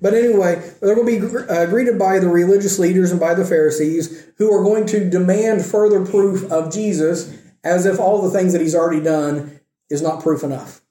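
A man's voice: high-pitched, moderate pace, dark tone. A man preaching a conversational sermon in a church, checking in with the congregation as he goes. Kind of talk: conversational sermon with scripture reading. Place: church sanctuary. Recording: echoey room sound.

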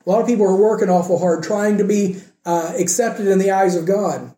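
A man preaching a sermon, asking rhetorical questions and moving between emphatic lines and hushed ones. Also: high voice, fairly quick. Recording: echoey room.

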